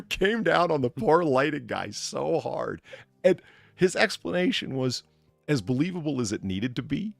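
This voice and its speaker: Low gravelly guy hosting, goes up and down a lot, laughs a bunch. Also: no room sound. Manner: animated, laughing, quick asides and restarts. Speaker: host. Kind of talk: casual chat.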